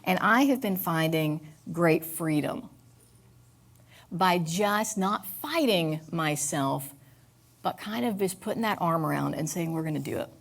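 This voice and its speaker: Candid woman preaching. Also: fairly low pitch. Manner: candid and confessional, halting with fillers. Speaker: church speaker. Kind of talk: sermon.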